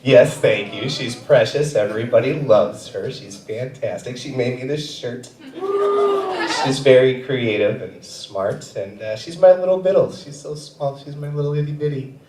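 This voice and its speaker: A man in his thirties doing a stand-up set, self-mocking and often dropping into quiet asides. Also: medium pitch, moderate pace. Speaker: stand-up comedian. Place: comedy theater stage. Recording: echoey theater, far from mic.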